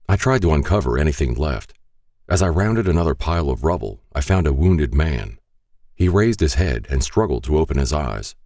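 A man's voice: extremely low pitch, mellow, dry recording, studio quality. A man narrating a first-person story in an earnest, reflective way.

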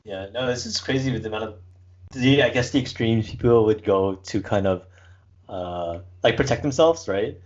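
A man's voice: on the low side, normal speed. A man hosting a casual chat, rambling with lots of fillers and frequent laughs. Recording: dull lo-fi recording.

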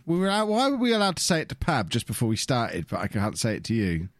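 A man's voice: mid-range voice, huge pitch swings, quick pace, no echo, studio quality. A man hosting a casual gaming podcast, full of playful, teasing banter. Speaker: podcast host.

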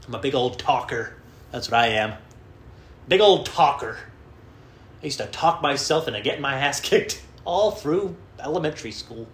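A man telling rambling, profane stories in a casual comedic monologue, often mimicking people in high squeaky voices. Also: normal speed, a bit bright, slight background noise. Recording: echoey room, faint background.

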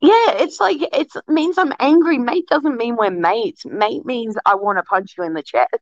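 A woman's voice: fairly high pitch, moderate pace, dry recording, dull audio. A woman with an Australian accent, a guest in a casual interview, talking bluntly, swearing freely and laughing often.

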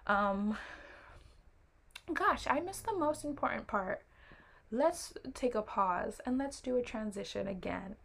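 Speaking slowly with frequent pauses, a young woman vlogger with a fairly high, creaky, slightly rough voice recounts something that happened to her on camera. She wanders off on tangents in a chatty, lively way, apologizing playfully as she goes.

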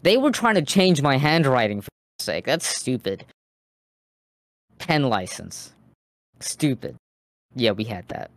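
A man's voice: mid-range voice, big pitch swings, takes it slowly, pauses often, no room sound, clean studio sound. A man co-hosting a casual streamed podcast, laughing often as he tells stories. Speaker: podcast co-host.

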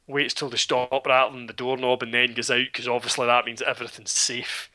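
Scottish man, sharp bright tone, sardonic, casual film chat. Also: mid-range voice, brisk, a little hiss or hum. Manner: sardonic, swearing, animated storytelling.

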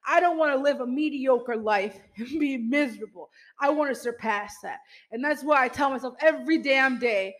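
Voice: high voice, moderate pace, few pauses, fairly bright tone, rough recording. Emphatic motivational podcast host. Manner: emphatic pep talk, frequent "you know" and mild swearing; speaks straight to listeners as "y'all".

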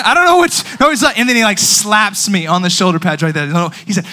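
A young man preaching with a bright, forceful voice that sits a little high for a man. He moves between hushed scripture reading and loud, excited storytelling, casual in tone. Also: fairly quick, hardly any pauses. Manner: energetic storytelling, swings from quiet to shouting. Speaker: youth pastor. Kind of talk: sermon.

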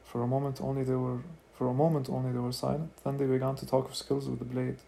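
A man's voice: mid-range voice, monotone, quick pace, creaky, warm tone, slight background noise. A man reading a fantasy novel aloud in first person, as an amateur audiobook, now and then adding asides of his own. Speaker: reader of a novel.

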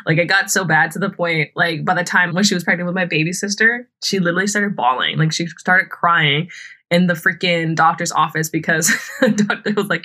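A woman's voice: fairly low pitch, fairly even intonation, normal speed, sharp tone. A young woman hosting a podcast, telling a personal story casually, full of fillers, frequent laughs and free swearing. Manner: chatty, filler-heavy, swears freely, laughs often. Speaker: podcast host.

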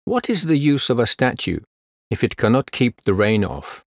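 A man's voice: mid-range voice, sing-song, moderate pace, no room sound, clean studio sound. A man voicing a fussy, restless little male swallow in a storybook reading, with a chatty, exclaiming manner. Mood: surprised.

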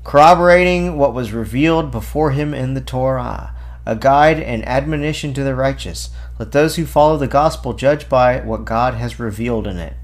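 A man giving an informal apologetics talk. He reads scripture passages aloud and breaks off with casual asides and fillers. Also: mid-range voice. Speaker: Christian apologist.

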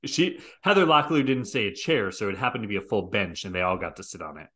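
A man's voice: on the low side, lively intonation, quick pace, a bit bright. Playful man co-hosting a chat. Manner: teasing, playful interjections. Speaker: podcast co-host. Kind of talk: casual chat.

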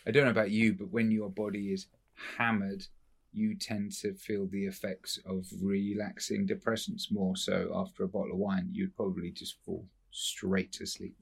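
Low-voiced man, chatty and playful. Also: little pitch movement, normal speed, vocal fry, breathy edge. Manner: laughs often, chatty and playful. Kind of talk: casual chat among friends.

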